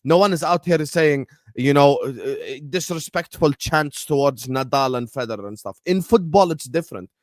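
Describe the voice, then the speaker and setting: A man on a football podcast panel, arguing in a casual, animated and jokey way. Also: fairly high pitch, normal speed, hardly any pauses, no room sound, clean studio sound. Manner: animated, jokey, puts on accents.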